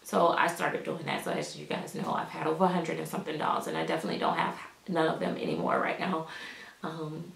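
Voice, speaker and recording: Chatty woman with a gravelly low voice. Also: a little fast, reverberant, poor audio. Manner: chatty, rambling, quotes others in animated voices. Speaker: doll-collecting vlogger. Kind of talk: casual storytime chat.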